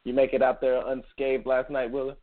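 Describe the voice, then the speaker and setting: A man's voice: mid-range voice, level tone, fairly quick. A man hosting a casual boxing podcast, chatting upbeat with his co-host. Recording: tinny phone-like line.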